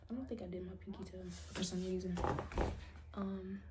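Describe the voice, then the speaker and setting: A woman's voice: lowish voice, fairly even intonation, moderate pace, very noisy. A woman in her twenties from the United States, casually chatting in a slangy way while she does her toenails, often dropping her voice to a whisper. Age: 20s. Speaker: beauty vlogger.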